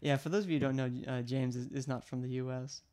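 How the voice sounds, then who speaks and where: A man's voice: medium pitch, steady tone, fast talker, mellow. A man from Louisiana hosting a casual livestream, joking and laughing often as he chats with a guest. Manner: jokey, laughs often, playful banter. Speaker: livestream host.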